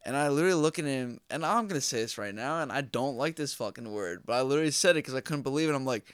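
A young man co-hosting a podcast, telling a work story casually and excitably, swearing a lot. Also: medium pitch, racing, smooth, no room sound, studio quality. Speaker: podcast co-host.

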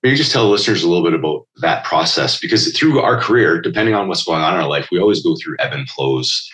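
A man's voice: deep voice, lively intonation, quick pace, fairly bright tone. A man hosting an interview podcast, asking eager, rambling questions full of fillers. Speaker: podcast host. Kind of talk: casual interview talk.

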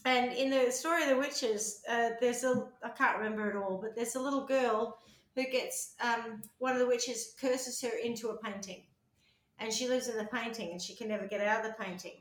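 In an apartment with a roomy echo, a woman chats casually, rambling through her thoughts and swearing freely. Her voice is fairly high-pitched and steady, at a normal speed.

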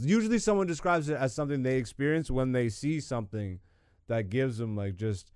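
A young man hosts a loose, joking podcast chat with a very lively, swooping pitch, slipping into silly bits as he goes. The sound is close and dry, recorded in a small home studio. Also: normal speed, smooth, dry recording. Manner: animated, joking, trails into bits and put-on voices. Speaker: podcast host. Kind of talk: casual comedic chat.

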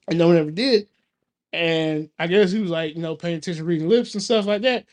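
A man's voice: high voice, brisk. A man, co-hosting a podcast and telling a story in casual chat, acting out the people in it. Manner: animated storyteller, acts out quoted voices. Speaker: podcast co-host.

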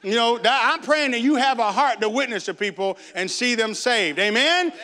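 An extremely high-pitched male pastor preaches in an animated, brisk way, his tone bright and forceful. He repeats himself fervently and calls for amens from the congregation, occasionally raising his voice.

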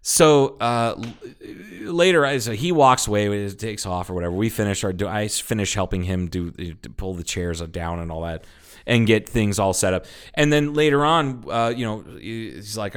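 A man in his thirties, a podcast co-host telling a story in casual chat, animated and full of swearing. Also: on the low side, moderate pace, clean tone. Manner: animated storyteller, swears a lot, acts out quotes loudly.

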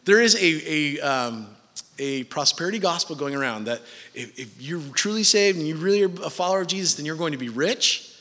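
A man's voice: a little high, expressive, fairly quick, a bit bright, big-room sound. A man preaching a sermon in a church, casual and joking with his listeners between points. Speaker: pastor.

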